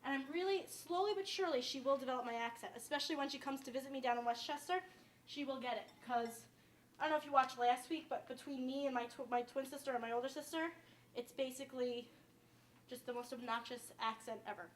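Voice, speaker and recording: A woman's voice: sits high, quick pace, a little hiss or hum. A young woman from Westchester with a downstate New York accent, hosting a casual home cooking video and rambling as she chats between steps. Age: young adult. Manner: chatty, rambling, says "like" often. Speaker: cooking show host.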